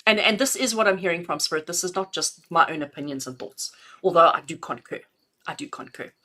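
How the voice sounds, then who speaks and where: A middle-aged woman with a bright, clear tone gives intuitive messages on a live stream. She talks in a chatty, affectionate way and laughs easily between readings. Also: lowish voice, fast talker. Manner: affectionate, chatty, calls listeners "my darling". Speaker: intuitive reader.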